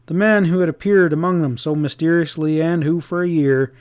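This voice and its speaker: A man reading a classic western audiobook aloud, steady and measured. His voice sits somewhat high for a man. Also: clear, resonant tone. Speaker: audiobook narrator. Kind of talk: scripted narration.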